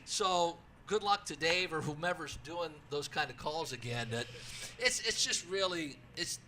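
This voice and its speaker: Radio guest: male track announcer, punchy bright voice, excitable storyteller, slightly high. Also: measured pace, a little hiss or hum. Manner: excitable, acts out his own calls, many restarts. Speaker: racetrack announcer, show guest. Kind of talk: animated storytelling in a radio interview.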